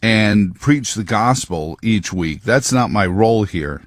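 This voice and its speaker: A man's voice: on the low side, lively intonation, takes it slowly, no echo. A man hosting a talk show, giving a rambling, emphatic monologue into a close mic. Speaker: radio talk host. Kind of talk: opinionated monologue.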